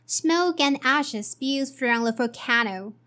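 Woman teaching english sounds, says every word twice, slow and careful. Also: sits high, expressive, pushed and bright. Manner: spells letters and repeats each word twice.

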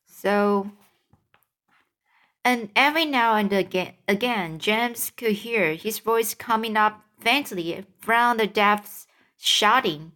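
A woman reading a children's storybook aloud, slow and careful, with occasional slips. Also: mid-range voice, sharp tone. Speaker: reader.

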